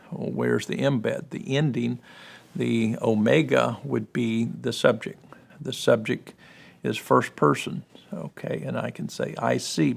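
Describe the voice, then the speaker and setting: Gravelly guy explaining old languages, lots of "you know", keeps asking "correct?". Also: medium pitch. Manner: peppers speech with "you know", checks understanding with "correct?". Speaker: guest explaining biblical languages. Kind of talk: teaching explanation in a discussion.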